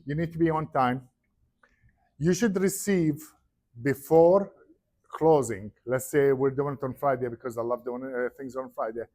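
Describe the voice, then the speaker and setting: A man giving a real estate seminar, telling stories animatedly and acting out the people in them. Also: mid-range voice. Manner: animated storyteller, acts out quoted voices. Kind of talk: seminar talk to an audience.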